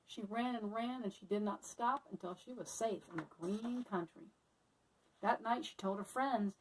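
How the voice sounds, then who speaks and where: A woman teacher reads a children's storybook aloud, friendly and expressive. Her voice sits in a middle register, and she is heard from a little way off the mic. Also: mid-range voice, moderate pace, far from the mic, low-quality recording. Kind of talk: reading a picture book aloud to children.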